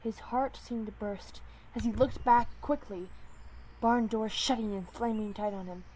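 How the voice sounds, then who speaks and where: Casting: a woman reading a fan story aloud, slow and halting, with faint background noise. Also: a little high, darkish tone. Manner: hesitant, with self-corrections. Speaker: narrator.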